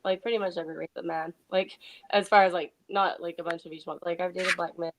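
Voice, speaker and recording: A woman's voice: on the low side, steady tone, fast, poor audio. A woman calling into a live talk show, speaking hesitantly with many fillers. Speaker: caller. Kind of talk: casual call-in chat.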